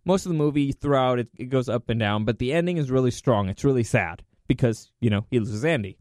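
Excitable man hosting a film review. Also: medium pitch, fairly quick, dry recording, clean studio sound. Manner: excitable, repeats himself for emphasis. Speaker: movie review host. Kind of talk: casual spoken film review.

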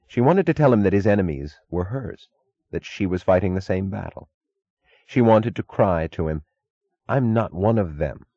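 A man narrating an audiobook in a measured, even reading. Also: deep voice, no room sound, lo-fi sound. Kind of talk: scripted narration.

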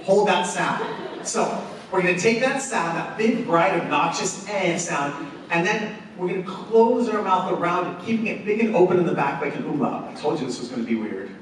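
A man's voice: high-pitched, expressive, moderate pace. A man leading an a cappella workshop, joking as he teaches and demonstrating vocal sounds. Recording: distant mic in an echoey room with room noise.

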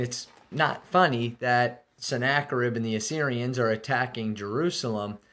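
A man's voice: mid-range voice, fairly bright tone. A man giving casual devotional Bible commentary in a conversational way, with frequent fillers and restarts.

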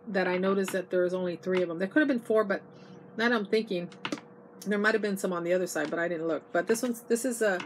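A middle-aged woman chatting to her viewers in a casual haul video, gushing and losing her voice. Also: mid-range voice. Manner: chatty and gushing, addresses viewers as "you guys". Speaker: vlogger. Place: inside an RV. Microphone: iPod. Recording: noisy home video.

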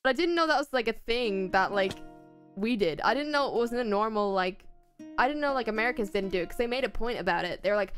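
Chatty Irish woman streamer, higher voice. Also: lively intonation, fast talker, a bit bright, soft background music. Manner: rambling, chatty, playful asides. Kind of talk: casual chat while gaming.

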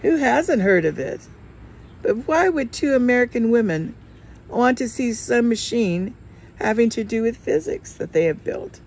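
A woman reading the lines of a brooding, wine-drinking man in his forties, in a soft, musing manner. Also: mid-range voice, slightly rough. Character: brooding forty-five-year-old man drinking wine.

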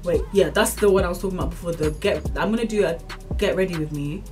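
A woman's voice: fairly low pitch, fast, darkish tone, distant mic, soft background music. Rambling young woman vlogger. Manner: rambling, repeats itself, many fillers like "like" and "as in"; earnest, preachy encouragement. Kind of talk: casual rant to camera.

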